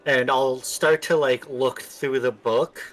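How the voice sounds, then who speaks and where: A man's voice: medium pitch, slow, soft background music. A man playing a tabletop role-playing game, talking casually and slipping into a theatrical voice for his character. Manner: animated, slips into a theatrical conspiratorial voice in character. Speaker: player.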